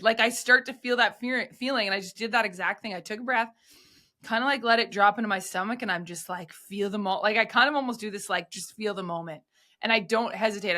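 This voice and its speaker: A woman who coaches gymnastics, telling stories in a casual podcast chat, animated and full of "like" fillers. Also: on the high side. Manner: animated storyteller, many "like" fillers.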